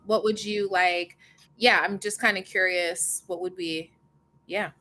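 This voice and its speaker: A woman's voice: fairly low pitch, fairly even intonation, a little slow, sharp tone. A woman with a New York accent co-hosting a livestream, bantering playfully in casual chat. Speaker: co-host.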